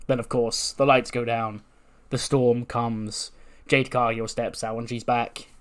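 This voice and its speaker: A man's voice: medium pitch, little pitch movement, unhurried, clear, resonant tone. Rambling male game narrator. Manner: rambling, self-amused. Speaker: let's-play narrator. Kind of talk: casual game commentary.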